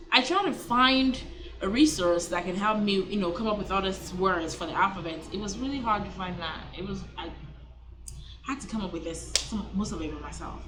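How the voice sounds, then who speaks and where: A woman's voice: mid-range voice, fairly bright tone. A woman teaching words in a casual vlog lesson, repeating each word and correcting herself as she goes. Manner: repeats words slowly, self-correcting, chatty. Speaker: language teacher.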